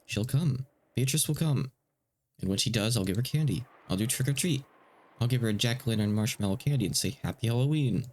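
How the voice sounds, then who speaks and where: A man's voice: medium pitch, brisk, darkish tone, voice pushed up, lightly acted. A man voicing a small, stubborn little girl in a game read-aloud, talking in a childlike sing-song way. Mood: insistent.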